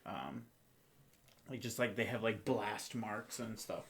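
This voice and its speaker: A man's voice: fairly low pitch, slow pace, vocal fry, fairly bright tone, slight background noise. A man narrating a tabletop game as game master, casual and full of fillers.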